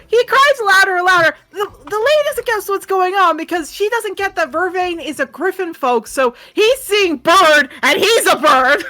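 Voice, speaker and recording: A woman narrating a tabletop game as game master, animated and often laughing. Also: extremely high pitch. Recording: faint background music.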